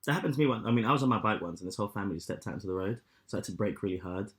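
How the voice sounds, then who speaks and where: A man in his thirties co-hosting a podcast, telling stories with lots of swearing and loud acted-out quotes. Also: fairly low pitch, very fast. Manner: animated storyteller, swears a lot, acts out quotes loudly. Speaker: podcast co-host. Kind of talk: casual chat.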